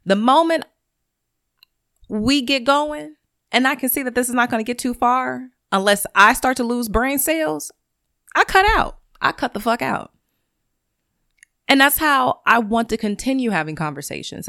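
A woman hosts her own podcast, talking in a blunt, emphatic and freely profane way. Her voice sits at a middle pitch. The recording is close and dry. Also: fairly bright tone, dry recording. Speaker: podcast host and teacher. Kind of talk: solo podcast monologue.

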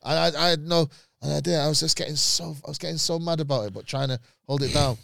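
A man, a comedian, telling a road story in casual chat, animated and swearing freely, shrieking when he quotes himself. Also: on the high side, fast talker, creaky, dry recording, clean studio sound.

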